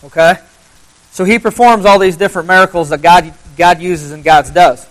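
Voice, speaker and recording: A man with a slightly high voice giving a motivational Bible talk to a live group. He speaks conversationally, throws questions at his listeners and drives points home by repeating phrases. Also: fairly even intonation, normal speed, low-quality recording. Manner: conversational, asks the audience questions.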